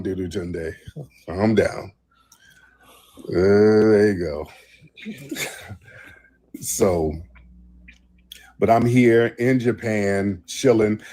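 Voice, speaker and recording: Husky american guy hosting a stream from abroad, rambly animated stories, swears a lot. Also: medium pitch. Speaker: host. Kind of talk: casual livestream talk. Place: travelling abroad.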